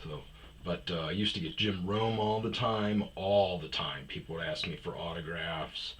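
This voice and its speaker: A man with a low but bright, forceful voice, telling casual personal stories as a podcast host. He rambles with plenty of "uh"s and restarts, and jumps to a higher voice whenever he mimics someone else. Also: moderate pace, slight background noise, poor audio. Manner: mimics other people in a higher voice.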